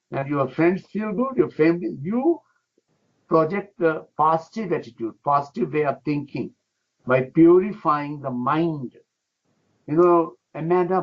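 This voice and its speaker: An older man, a laughter yoga teacher, talking with exuberance in broken English and breaking into chants and laughter as a radio guest. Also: on the high side. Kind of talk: enthusiastic radio interview. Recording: dull lo-fi radio sound.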